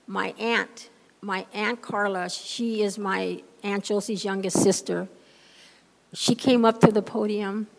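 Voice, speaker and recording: A woman's voice: medium pitch, steady tone, slow, vocal fry. A woman at a handheld microphone tells a heartfelt story as part of a church lesson. She talks unhurriedly and in an emphatic way, circling back over her key phrases. Her voice carries a long reverb off the large room. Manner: emphatic, repeats phrases for effect. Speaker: lay speaker giving a church lesson. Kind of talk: heartfelt sermon-style storytelling.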